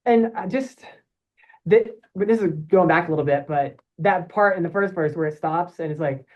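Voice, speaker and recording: An animated, chatty man co-hosts a casual music podcast, jumping in with quick reactions. The recording of his voice is dull and lo-fi. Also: fairly high pitch. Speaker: podcast co-host, band member. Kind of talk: casual album discussion.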